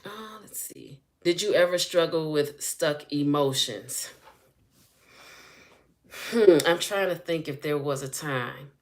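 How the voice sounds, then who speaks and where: With a low voice and a slow pace, a woman who works as a spiritual healing coach chats casually on a live stream. She's animated and talkative, laughing often.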